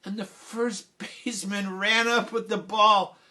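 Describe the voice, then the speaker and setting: A male storyteller with a high, bright voice, telling a tale live. He is animated, jumping from excited calls to soft, hushed asides. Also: a little slow. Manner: animated, swings between loud cheering and hushed asides. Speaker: children's storyteller.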